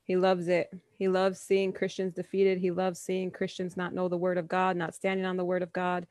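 Female co-host, earnest and firm, lowish even delivery. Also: moderate pace, no echo, clean studio sound. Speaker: podcast co-host. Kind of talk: casual podcast talk.

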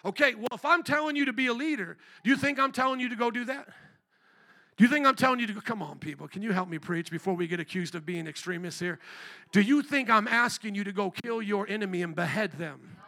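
A male pastor in full sermon, his voice pitched high and ringing bright. He talks straight at the congregation, asking for amens and raised hands, pressing each point hard. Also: fast. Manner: energetic, call-and-response preaching.

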